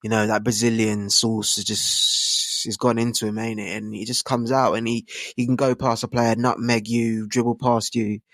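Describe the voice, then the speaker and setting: A man's voice: on the low side, flat delivery, normal speed, hardly any pauses, fairly bright tone, no room sound. A man, rambling casually about football in slang and asking rhetorical tag questions. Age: 20s. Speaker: football channel host. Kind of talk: casual football opinion monologue.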